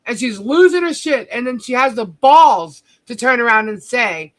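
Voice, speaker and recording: A woman running her own livestream, talking straight at her audience in a heated commentary rant. Her voice is bright and forceful, and she swears freely while calling out her opponents. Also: fairly high pitch, lively intonation, moderate pace. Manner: heated, profane, confrontational. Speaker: livestream host.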